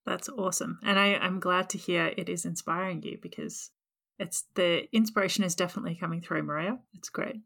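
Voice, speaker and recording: A woman's voice: lowish voice, fairly even intonation, a little fast, creaky, fairly bright tone. A woman hosting a podcast in casual chat, upbeat and effusive, over a remote call. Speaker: podcast host.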